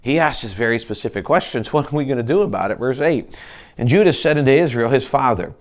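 A man's voice: mid-range voice, expressive, fast talker. A man preaching. He reads scripture aloud and then explains it in a conversational way, often restarting his sentences. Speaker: pastor. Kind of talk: expository Bible teaching.

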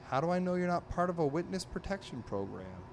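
A man voicing a deadpan, teasing male mailman from a comic strip, dry and mock-serious. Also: on the high side, a little fast, slight background noise, voice pushed up.

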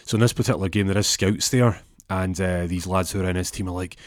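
A man's voice: deep voice, fairly even intonation, fast talker, no room sound, studio quality. A man telling a comic story in a casual, rambling way with lots of restarts.

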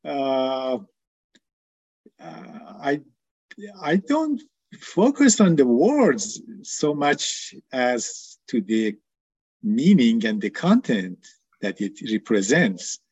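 An older man who is a psychiatrist and not a native English speaker, talking in a halting way with many restarts during a casual group video call. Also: medium pitch, very animated, darkish tone, breathy edge, dry recording. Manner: halting, restarts often, laughs at himself.

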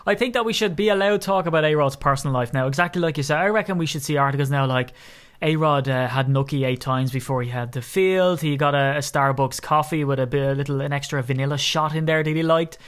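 A man's voice: fast talker, smooth. A man co-hosting a casual sports podcast, joking and exaggerating as he talks. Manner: animated, joking, exaggerating with rising pitch. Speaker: podcast co-host.

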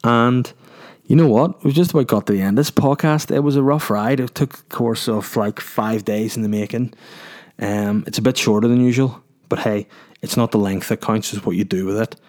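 This young man's voice sits in the mid-range, slightly mellow, at a moderate pace. On his podcast he spins crude, rambling stories full of jokes.

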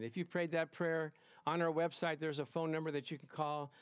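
A male pastor preaching a lively sermon to his congregation, emphatic and excitable, often calling out "Amen?". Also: on the high side, brisk, smooth, no echo, studio quality. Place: church service in front of a congregation.

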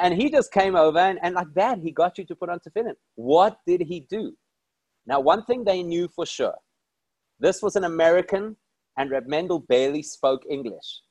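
A rabbi telling a story with lively, emphatic delivery and pointed rhetorical questions. His male voice sits a little above the usual pitch. The sound is close and dry, with no room echo. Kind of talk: inspirational storytelling talk.

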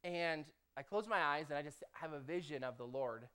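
A pastor and former motivational speaker, this adult preaches a sermon at a moderate pace in a clear, smooth voice of ordinary middle pitch. The relaxed, conversational delivery includes a lively personal story in which they act out prayers they said to God, and they keep checking in with listeners by asking "okay?" and "right?"

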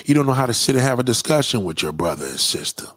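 A man's voice: medium pitch, big pitch swings, fast talker, no echo. Man, impassioned monologue, swearing, sermon-like lecturing, dry close sound. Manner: profane, preachy, lecturing the audience. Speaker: commentator.

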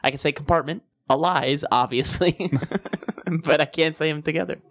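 A man with a fairly high voice trades crude jokes in casual podcast chat. He is quick to laugh at his own stories and talks loosely, with plenty of swearing. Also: fairly bright tone. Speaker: podcast co-host.

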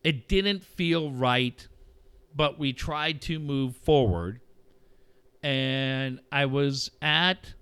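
Middle-aged male podcast host, frank and profane, with a crisp, bright voice in a dry, close room. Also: medium pitch, extremely slow, no echo. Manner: candid, profane, reflective storytelling. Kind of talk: casual conversation.

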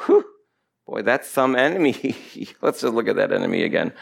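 A man's voice: lowish voice, sing-song, normal speed, vocal fry. A man preaching a sermon, emphatic and repetitive, stretching out key words for stress. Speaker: pastor.

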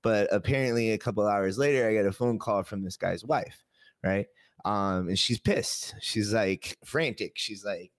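A man with a fairly low voice tells a story in a loose, chatty way and often breaks into laughter. The sound is dry and close, with little room echo. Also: normal speed. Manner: laughs often while telling stories. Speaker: dispensary worker and show regular. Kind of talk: casual podcast chat.

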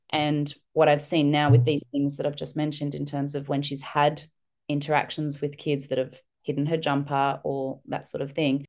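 A middle-aged woman, a guest on a parenting podcast, telling a personal story with lively, animated delivery. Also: low-pitched. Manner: warm, animated storytelling, acting out children's voices.

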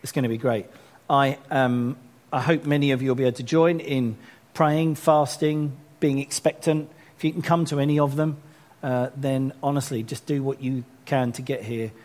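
Speaking in a mid-range voice at a moderate pace, a man acting as pastor talks through the church announcements, poking fun at himself. He becomes more animated as he urges the congregation on.

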